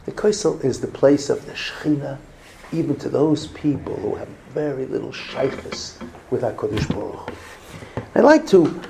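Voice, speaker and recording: A man with a gravelly, mellow voice tells folksy stories to a group, dropping Yiddish and Hebrew words as he goes. His delivery is homely and conversational. A faint hiss and a few clicks sit under the recording. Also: mid-range voice. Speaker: rabbi speaking to a visiting group. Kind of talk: storytelling talk to a group.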